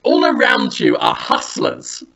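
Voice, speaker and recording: A man hosting a comedy podcast, telling an absurd story in an animated, rambling way, his voice run through a Dalek-style robotic filter. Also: extremely high pitch, measured pace, a crowd in the background, rough recording. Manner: animated, rambling, breaks into sung bits. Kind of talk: absurd comic storytelling chat.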